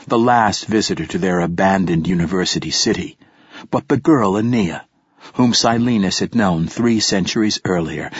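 Brief: male audiobook narrator, very low and husky, measured delivery, dry and slightly dull recording. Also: no room sound. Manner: measured, descriptive storytelling. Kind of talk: scripted narration.

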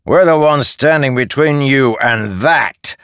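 A man voicing a loud, lecturing soldier. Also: medium pitch, slow pace, smooth, no room sound, clean studio sound, pitched above the performer's own voice. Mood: aggrieved. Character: hard, self-righteous male soldier, sunken-eyed.

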